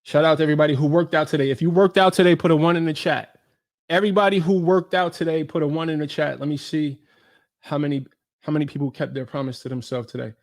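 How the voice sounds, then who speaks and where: Gravelly man hosting a slangy livestream. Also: a little high, fairly even intonation, fast talker. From New York. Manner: loose, slangy, greets viewers by name. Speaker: fitness creator hosting a live Q&A. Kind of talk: casual livestream chat.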